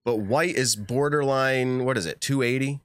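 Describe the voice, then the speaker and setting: Animated laughing podcast host, a man. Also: medium pitch, moderate pace, no room sound, studio quality. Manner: animated, laughs often, reads texts aloud. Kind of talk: casual live podcast chat.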